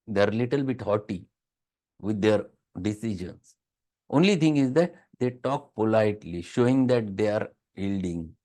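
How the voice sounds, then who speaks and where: A man's voice: fairly low pitch, lively intonation, moderate pace. A man with a Marathi-tinged Indian English accent gives a classroom lecture, stressing and repeating key words. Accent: Marathi-influenced Indian English. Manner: emphatic, repeats key words, acts out patients' soft replies.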